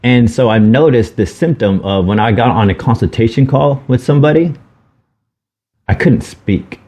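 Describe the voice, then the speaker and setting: This adult father co-hosts a podcast, his medium-pitched voice a little mellow and his pace moderate. Swearing freely, he opens up earnestly about difficult times in a frank podcast chat.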